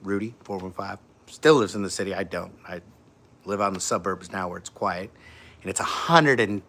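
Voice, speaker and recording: A man's voice: deep voice, moderate pace, sharp tone. A man hosting a casual livestream, rambling through viewer questions with lots of fillers and restarts, speaking. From San Francisco area. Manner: rambling, many fillers and restarts, laid-back. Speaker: livestream host. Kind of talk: casual livestream chat answering comments.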